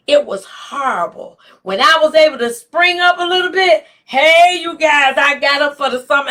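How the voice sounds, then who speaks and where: A woman's voice: sits high, pushed and bright. An older woman speaking to camera in a faith-based motivational talk, telling her own story in an emotional, exclamatory, testifying way. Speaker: inspirational speaker.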